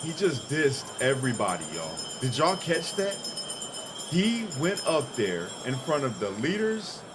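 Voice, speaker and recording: A man's voice: medium pitch, rough recording. A man streaming a casual live reaction, talking in loose slang and breaking into laughter. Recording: clear background noise.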